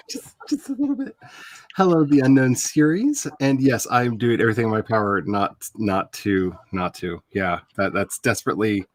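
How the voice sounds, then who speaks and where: Animated, laughing male stream host. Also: lowish voice, normal speed, no room sound. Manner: animated storytelling, laughs often; turns tender and emotional when reminiscing. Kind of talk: casual chat on a writing livestream.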